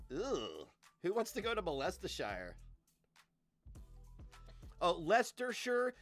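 A man's voice: sits high, slow pace, pauses often, faint music behind. Crude, ranting man in his forties. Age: 40s. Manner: crude, mocking, loud and animated. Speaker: streamer. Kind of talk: ranting live stream.

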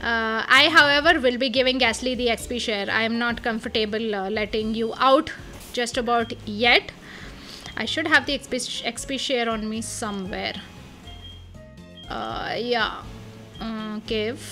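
A woman playing a video game and chatting casually over it, excitable and thinking aloud with lots of fillers. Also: fairly high pitch. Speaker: let's play gamer.

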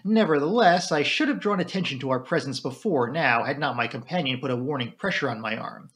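A man narrating a classic mystery novel in a measured storybook reading. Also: mid-range voice, expressive, a bit bright. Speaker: audiobook reader. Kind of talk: scripted narration.

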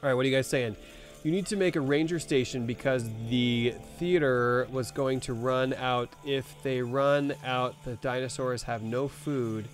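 A young man hosting a live game stream, talking easily to his viewers and reading menus aloud. His pitch sits in an ordinary middle range, and soft music plays faintly underneath his voice. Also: steady tone, normal speed. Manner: chatty, reads game text aloud and talks to chat. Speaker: gaming streamer. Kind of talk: live let's play commentary.

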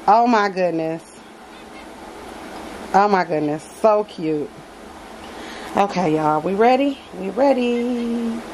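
Woman vlogger talking to viewers in her home nursery, warmly gushing; mid-range voice, faint hum behind. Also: medium pitch, animated, slow pace, long pauses, low-quality recording. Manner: gushing, affectionate, addresses viewers as y'all. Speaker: reborn doll collector vlogger. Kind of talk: casual unboxing chat.

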